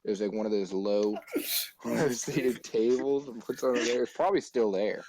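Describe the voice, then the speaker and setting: A man's voice: medium pitch, normal speed, a crowd in the background, poor audio. A young man in casual podcast chat, telling school stories and acting out the people in them. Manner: animated storyteller who acts out quoted voices. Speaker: podcast co-host.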